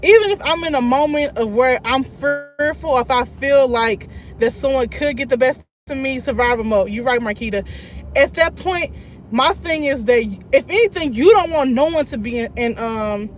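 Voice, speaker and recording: A young woman telling a story on a live stream from her car, chatty and quick to laugh, reading out viewer comments as she goes. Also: high-pitched, slight background noise.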